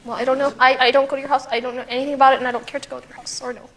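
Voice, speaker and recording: A woman's voice: high-pitched, level tone, a little hiss or hum. A woman, a mother and talk show guest, telling her story in a rush, full of fillers and retold dialogue. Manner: rapid, full of "like", retells her child's words. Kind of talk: emotional testimony on a talk show.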